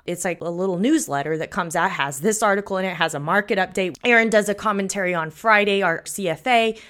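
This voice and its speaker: A woman's voice: mid-range voice, fast talker, fairly bright tone. Chatty woman podcast host. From United States. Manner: chatty, chuckling, folksy. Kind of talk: casual podcast talk, storytelling.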